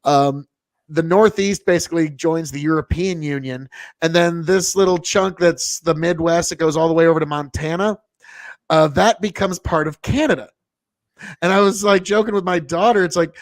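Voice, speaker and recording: A man's voice: on the high side, normal speed, no room sound. A man co-hosting a comedic podcast, rambling wryly with many fillers. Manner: rambling, wry, filler-heavy. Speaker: podcast co-host.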